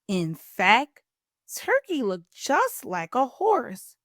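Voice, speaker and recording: Very slow, expressive woman reading a story. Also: on the high side, no room sound, clean studio sound. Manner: expressive, playful, drawn-out delivery. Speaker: storytime host reading aloud. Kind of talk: children's picture-book read-aloud.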